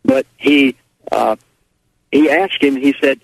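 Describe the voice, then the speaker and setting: A man's voice: mid-range voice, steady tone, slow, creaky, no room sound, poor audio. Folksy man telling a long story. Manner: folksy, rambling, acts out quoted voices. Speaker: radio talk show guest. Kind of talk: casual radio interview storytelling.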